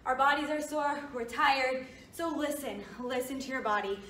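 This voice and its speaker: Breathless high-voiced female fitness coach. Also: moderate pace, a bit bright, a little hiss or hum. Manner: encouraging, form cues, short of breath. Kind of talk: workout instruction. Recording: echoey room, mic at a distance.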